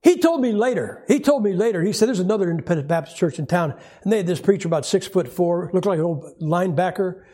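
A middle-aged man preaching a sermon, telling stories in a wry, animated way with a husky voice. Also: high-pitched, fast talker, few pauses. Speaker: pastor.

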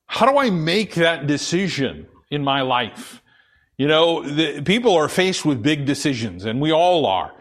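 Speaking a little slowly in a sing-song, somewhat high voice, a middle-aged man preaches informally and shares his own testimony. He's a lay preacher, earnest and confessional in tone, and he stumbles through fillers and frequent restarts.

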